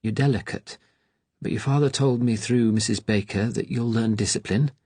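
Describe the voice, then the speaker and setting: A man's voice: medium pitch, normal speed, warm tone, slightly rough, no room sound, voice pushed up. A man voicing a worried, superstitious mother fussing over her son.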